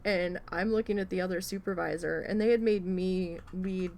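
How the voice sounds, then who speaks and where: A woman hosting a craft livestream, casually telling a story with animated swearing while she works. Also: on the low side, moderate pace. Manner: animated, profane, acts out quoted people.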